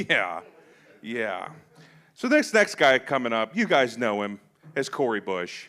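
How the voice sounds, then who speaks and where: A man's voice: medium pitch, big pitch swings, measured pace, a bit bright, clear, resonant tone. A man hosting a comedy show, telling profane stand-up stories and acting out the dialogue on a club stage. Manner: profane storytelling, acts out dialogue. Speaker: comedy show host and comic.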